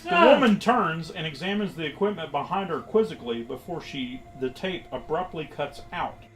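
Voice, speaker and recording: A man running a tabletop horror game, narrating scenes and describing clues. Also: on the high side. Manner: unhurried, expressive narration. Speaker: game master.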